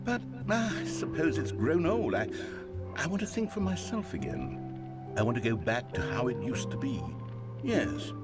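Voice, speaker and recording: A wistful, theatrical video game narrator who lingers dramatically over every line. The voice sits at a middle pitch but leaps up and down with wide swings of melody. Background music plays clearly behind him. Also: male voice. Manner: lilting, dramatic, swooping delivery. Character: wistful, theatrical male narrator, grandly nostalgic.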